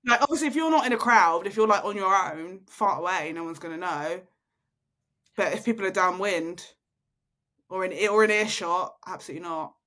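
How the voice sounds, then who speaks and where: A young woman co-hosting a casual podcast. She tells candid, animated stories and reads from her notes in between. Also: lowish voice, moderate pace. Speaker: podcast co-host. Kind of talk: casual chat.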